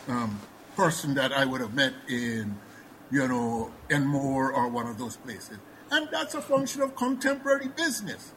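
A Guyanese man talks as a panelist in a slightly raised register. He is measured and professorial, pausing often with fillers as he thinks aloud, over a faint background noise. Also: fairly high pitch, a bit bright, poor audio. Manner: measured, professorial, many hesitations. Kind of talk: panel discussion.

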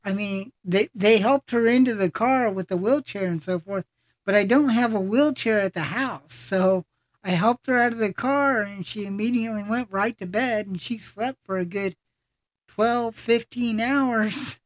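A podcast host in casual conversation, voice sitting at a middle pitch. The delivery is halting and full of fillers and self-corrections, recorded dry with no room sound. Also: dry recording. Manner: halting, many fillers and restarts.

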